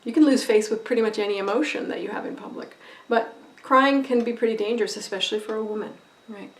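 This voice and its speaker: A woman teaching a recorded lesson on empathy, expressive and conversational, often checking in with "right?". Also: fairly high pitch, fast talker. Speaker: empathy educator. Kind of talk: recorded lecture video. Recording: roomy echo, voice from a distance.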